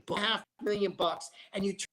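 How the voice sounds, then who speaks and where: Bright and forceful, his high voice holds a steady tone at a moderate pace, though the recording is rough. The talk show guest, a sports broadcaster and former restaurateur, rambles casually through his stories, often restarting sentences.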